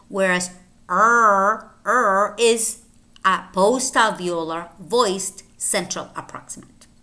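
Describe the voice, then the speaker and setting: A woman leads a phonetics lesson at a very slow, careful pace, sounding out each example word with precision. Her voice is bright and clear, a touch low in pitch. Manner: slow, deliberate, repeating each word twice. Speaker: pronunciation teacher.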